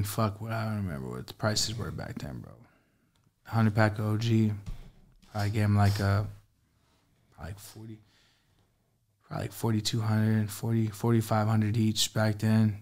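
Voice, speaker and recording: A man's voice: lowish voice, moderate pace, long pauses. A man, a guest telling a casual, streetwise story full of profanity. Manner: streetwise, profane, laid-back.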